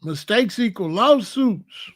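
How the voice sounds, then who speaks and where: A man's voice: sits high, lively intonation, slow, fairly bright tone. A man hosting his own commentary channel, joking and bragging in a casual, streetwise rant.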